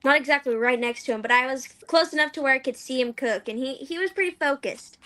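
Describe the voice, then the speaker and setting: A woman's voice: sits high, fast talker, pushed and bright. A teenage girl, a guest on a live chat stream, talking chattily and laughing easily. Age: teens. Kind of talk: casual chat.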